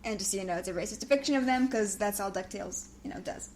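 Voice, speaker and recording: A woman's voice: mid-range voice, quick pace, noisy background. A woman co-hosting a podcast, recapping a cartoon in chatty, giggly casual talk. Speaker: podcast co-host.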